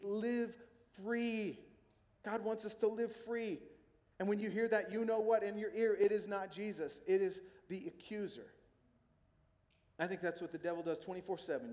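High-voiced pastor preaching in a hall. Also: male voice, brisk. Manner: conversational, animated storytelling. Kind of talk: sermon. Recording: long hall reverb.

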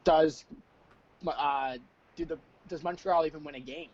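A man's voice: fairly high pitch, fairly even intonation, unhurried, highs cut off. A man co-hosting a sports podcast in casual chat, teasing and easygoing. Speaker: podcast co-host.

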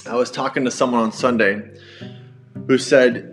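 A man's voice: fairly low pitch, moderate pace, fairly bright tone, faint music behind. A man, a pastor, hosting a podcast on leadership in a conversational, self-deprecating way with storytelling asides.

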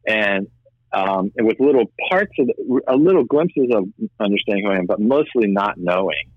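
A man, guest in an interview, telling his own story earnestly with halting restarts and repeated words. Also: fairly low pitch, lively intonation, dry recording. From United States. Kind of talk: personal testimony in conversation. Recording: slightly dull, dry audio.

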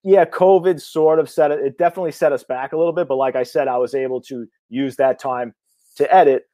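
A man, an independent filmmaker, talking in a casual interview. He is blunt and energetic, swears freely and rambles with restarts. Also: a little high, a little fast, no room sound. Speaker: indie horror filmmaker.

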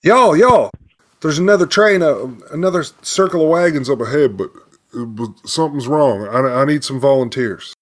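A man's voice: on the high side, normal speed, pitched above the performer's own voice, close to an everyday voice. Man doing a frenzied wagon-train scout. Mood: frantic. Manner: breathless, urgent.

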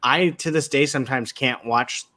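A man's voice: mid-range voice, moderate pace, bright, forceful tone, no room sound. A young man co-hosting a podcast, talking casually with slang and lots of fillers. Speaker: podcast co-host. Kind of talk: casual chat.

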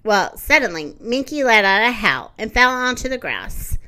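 A woman reads a children's story aloud. Her delivery is expressive, and her fairly high voice rises and falls a great deal. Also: normal speed. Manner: expressive, lively.

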